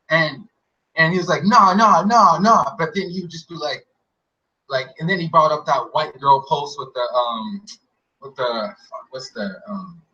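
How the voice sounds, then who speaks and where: A man's voice: on the high side, sharp tone, dull audio. Distant man rambling through a personal story. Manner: rambling, profane, full of fillers. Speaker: guest recounting an experience.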